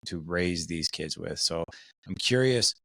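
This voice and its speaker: A man's voice: sits low, expressive, unhurried, vocal fry, sharp tone. A man hosting a podcast in casual conversation, upbeat and affirming, asking curious questions. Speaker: podcast host.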